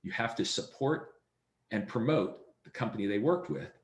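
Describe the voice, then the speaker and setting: A man with a lowish, expressive voice speaks at a moderate pace, giving a real estate sales training presentation over a video call and acting out dialogue in his stories. The recording has a roomy echo.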